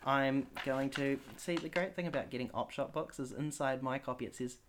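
A podcast host chatting casually and reading a gamebook aloud with playful, animated delivery. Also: medium pitch, brisk, a crowd in the background.

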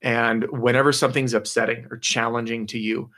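A man's voice: mid-range voice, level tone, a little fast, a bit bright. Upbeat man coaching a sales team. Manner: casual and upbeat, many fillers and restarts. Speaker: sales trainer hosting a live stream. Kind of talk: motivational live talk.

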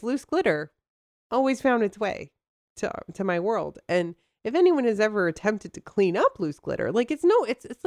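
A woman's voice: mid-range voice, a little mellow, no room sound, studio quality. A woman co-hosting a podcast in casual chat, bubbly and rambling, laughing often as she talks. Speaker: podcast co-host.

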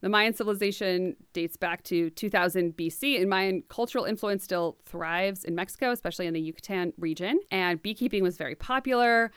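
An American woman hosting a podcast, telling facts in a casual, jokey way with quick asides. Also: medium pitch, clear, resonant tone, no echo, studio quality. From United States. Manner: animated, jokey storytelling with asides. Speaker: podcast host.

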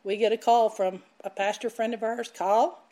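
A woman preaching a sermon, emphatic and animated as she tells stories. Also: on the high side, moderate pace. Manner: animated, emphatic, laughs while telling stories. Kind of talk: sermon with storytelling.

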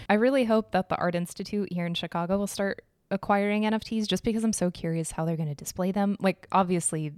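A woman's voice: medium pitch, lively intonation, fast, darkish tone, dry recording, studio quality. A young woman hosting a casual solo podcast, chatty and enthusiastic, giggling and correcting herself as she goes. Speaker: podcast host.

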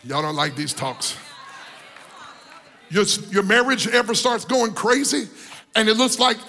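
A man preaching a sermon, breaking into sung cadences and shouting at the peaks. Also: high-pitched, measured pace, vocal fry. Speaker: pastor. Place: church hall. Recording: long hall reverb, organ music behind.

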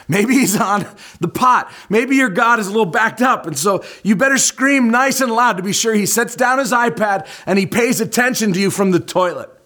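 A man's voice: medium pitch, very animated, measured pace, few pauses, a little mellow, slightly rough. A preacher acting out a sarcastic male prophet who mocks his rivals, in a taunting, teasing manner. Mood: mocking. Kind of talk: sermon storytelling.

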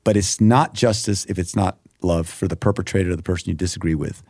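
A middle-aged American man with a low, darkish voice and quick pace gives earnest personal testimony as a podcast guest. He is emphatic and acts out quoted prayers and dialogue, recorded dry at studio quality.

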